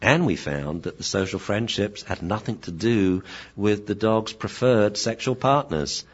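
A man who studies dog behavior, explaining it in a lively, storytelling way. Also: lowish voice, measured pace, slightly rough. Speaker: dog behavior expert, lecturer. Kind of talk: explanatory talk. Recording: dull lo-fi recording.

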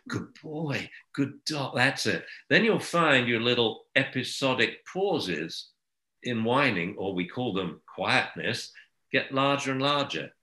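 Calm, bright-voiced man in a roomy space. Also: mid-range voice. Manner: calm, anecdotal, softens to a hush for soothing commands. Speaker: dog trainer. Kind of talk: casual advice chat.

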